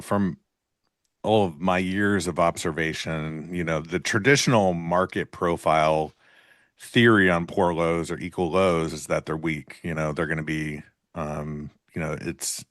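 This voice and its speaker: A man co-hosting a live trading show, chatting casually and explaining market ideas in a relaxed way. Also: extremely low pitch, moderate pace, dry recording, studio quality.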